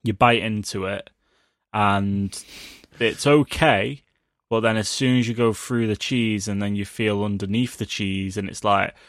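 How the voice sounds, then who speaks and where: A man's voice: lowish voice, fairly even intonation, a little slow, no echo, clean studio sound. Chatty man hosting a podcast. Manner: chatty, laughing, lots of fillers. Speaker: podcast host. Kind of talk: casual pop culture podcast chat.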